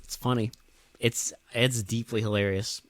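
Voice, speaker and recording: Male podcast co-host, wry and profane, mid-pitched, dry close recording. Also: steady tone, moderate pace, dry recording. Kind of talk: casual chat.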